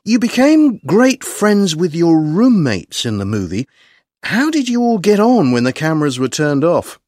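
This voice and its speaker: An interviewer asking an actress questions in a lively, clear way. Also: medium pitch, unhurried, no echo, studio quality.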